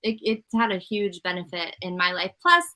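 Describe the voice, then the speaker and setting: Female panelist, bright edge, earnest casual talk. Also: fairly low pitch, animated, moderate pace. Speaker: guest panelist. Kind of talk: casual livestream chat.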